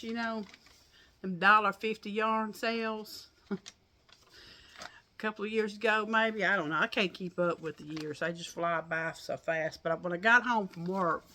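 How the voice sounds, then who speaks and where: Woman, bright tone, folksy porch chat, a bit breathless, laughs easily. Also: fairly low pitch, slight background noise. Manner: folksy, chatty storytelling with laughs. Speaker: crochet vlogger. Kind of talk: casual chat to viewers. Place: outdoors on a porch.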